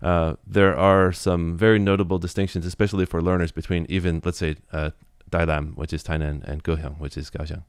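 Low-voiced man, clear and dry. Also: flat delivery, fairly quick, few pauses, dry recording. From United States. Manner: thoughtful, explanatory, many fillers and restarts. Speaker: guest, Taiwanese language teacher. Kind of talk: casual interview.

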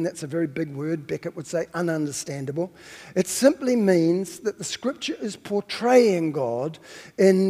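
A man's voice: high voice, warm tone, in a large hall. A man preaching a sermon as a pastor, reflective and questioning, sometimes stopping to correct himself.

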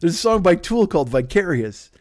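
On a dry, clean studio recording, a middle-aged Chicago man speaks fairly quickly in a high-pitched voice. He's a podcast host delivering a casual, animated rant full of swearing and false starts.

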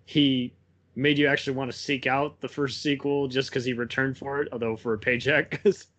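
A man's voice: mid-range voice, level tone, moderate pace, a bit bright. A young man co-hosting a casual film podcast, rambling and laughing often as he talks. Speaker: podcast co-host.

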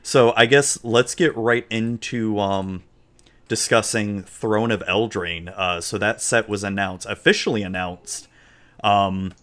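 A man from Florida co-hosting a casual podcast, relaxed and joking as he rambles. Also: lowish voice, slow. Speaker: podcast co-host. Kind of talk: casual chat.

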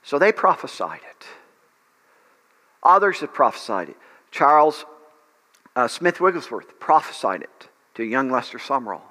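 A male pastor preaches and prays with fervent energy, stumbling now and then over his words. His voice is bright and forceful, and it carries a long reverb through a large hall. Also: mid-range voice, sing-song, a little slow, pauses often. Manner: fervent preaching with frequent fillers and restarts. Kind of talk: sermon and prayer.

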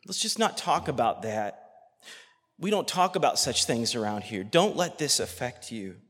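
A man preaching a sermon with passion, swinging between loud outrage and hushed, near-whispered tenderness. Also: mid-range voice, expressive, a little slow. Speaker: pastor. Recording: long hall reverb.

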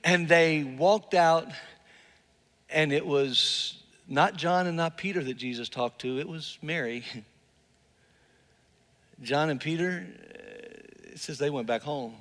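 A man's voice: a little high, slow, long pauses, fairly bright tone. A male pastor telling a story in a sermon, often repeating words for emphasis and acting out the people he quotes. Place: church hall with live and online audience. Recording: long reverb in a large hall, faint music.

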